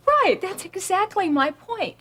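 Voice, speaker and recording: A woman's voice: extremely high pitch, big pitch swings, measured pace, fairly bright tone, exaggerated voice. An actress playing an earnest, determined mother talking with her son and a friend in a radio drama. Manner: earnest, emotional.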